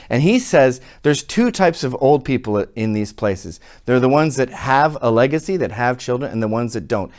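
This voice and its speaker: A middle-aged man giving a sarcastic, profane opinion monologue, swinging from quiet asides to shouting. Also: mid-range voice, dry recording, studio quality. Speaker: commentator.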